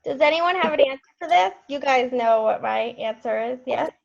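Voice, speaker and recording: A woman's voice: high-pitched, steady tone, moderate pace, vocal fry. A woman team leader running a group coaching call, speaking in a direct, upbeat and teasing way. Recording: dull lo-fi line.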